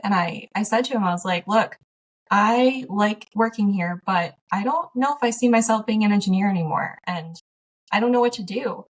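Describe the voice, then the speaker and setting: A woman with a mid-range voice speaks at a normal pace as a guest on a podcast, where she's a small business owner. In this casual conversational interview she tells stories animatedly, laughs often, and acts out past conversations. She sounds slightly distant from the mic.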